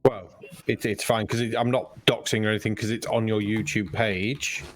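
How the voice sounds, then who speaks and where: A man's voice: fairly low pitch, fairly even intonation, normal speed, a little hiss or hum. A man hosting a live poker stream, chatting casually and explaining things step by step. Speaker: host and poker dealer.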